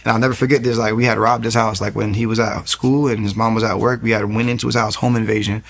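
Interviewed as a guest, a man in his thirties who is a young pastor tells his faith story earnestly, frequently restarting his sentences. He talks fast in a lowish, creaky voice with a level tone.

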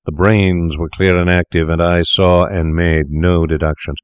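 A man's voice: low voice, little pitch movement, measured pace, clean tone, no room sound, clean studio sound. A man reading a grim, bitter old drunkard. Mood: brooding. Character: bitter dissolute old Scottish drunkard, defiant. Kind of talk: storybook reading.

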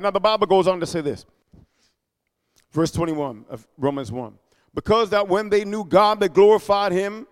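A man preaching a sermon, animated, with constant call-and-response amens and hallelujahs. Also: sits high. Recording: echoey hall.

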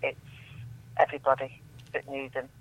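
A woman's voice: extremely low pitch, monotone, moderate pace. Woman reciting poetry over a phone line. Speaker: guest poet. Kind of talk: reading her own poetry. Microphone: telephone. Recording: tinny phone line, dry.

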